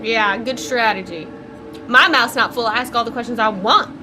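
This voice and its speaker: A woman's voice: a little high, normal speed. A woman hosting a reaction video, gasping and reacting aloud in casual chat. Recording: talking over episode music.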